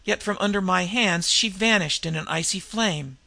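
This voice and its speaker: Dazed grim barbarian swordsman, read by a man, gravelly and a touch high, dry close sound. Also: normal speed, sharp tone, no room sound, exaggerated voice. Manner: hazy, dazed delivery.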